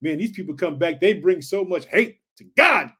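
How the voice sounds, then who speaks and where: A man with a high, swooping voice preaches on a Bible passage. He is fervent and lively, with pitch leaping up and down as he keeps checking that his listeners are following along. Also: normal speed, breathy edge. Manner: fervent, keeps asking "did you hear?" and "check it out"; addresses listeners as family. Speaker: Bible teacher. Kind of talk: animated Bible teaching.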